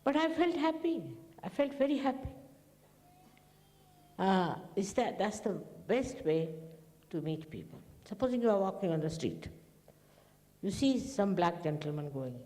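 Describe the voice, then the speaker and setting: A woman spiritual teacher speaks to her followers in a mellow, dark-toned voice. She rambles through anecdotes and slips into the voices of the people she quotes. Her words ring out with the long echo of a large hall. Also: lowish voice, animated, unhurried, pauses often.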